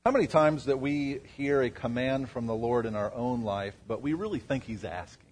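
A man is preaching in a church to a live congregation. His delivery is conversational, and he keeps asking the listeners questions and waiting for an answer. His voice sits at an ordinary middle pitch. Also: normal speed, darkish tone, husky. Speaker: pastor. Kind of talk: sermon.

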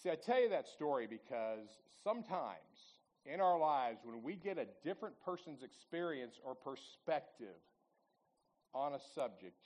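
A man's voice: medium pitch, darkish tone, poor audio. A man in his sixties giving a folksy storytelling talk at church, chatting with the audience and asking them questions. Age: 60s.

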